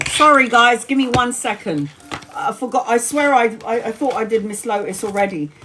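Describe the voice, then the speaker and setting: A woman's voice: a little high, normal speed, fairly bright tone, faint music behind. A woman in her forties telling a story casually on a live stream, laughing often and swearing freely, then giving a tarot reading. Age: 40s. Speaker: tarot reader.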